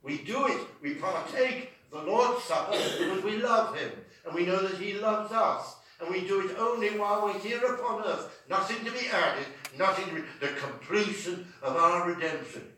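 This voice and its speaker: A man's voice: sits high, moderate pace, few pauses, bright, forceful tone, a little hiss or hum. A man preaching a sermon in a chapel, fervent and drawn out in his emphasis. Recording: echoey chapel from far off.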